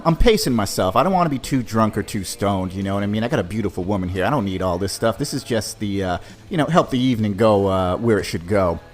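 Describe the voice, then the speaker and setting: A man hosting a podcast, telling a personal story in a loose, conversational way. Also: lowish voice. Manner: loose, conversational, animated, full of "man" and "you know". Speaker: podcast host.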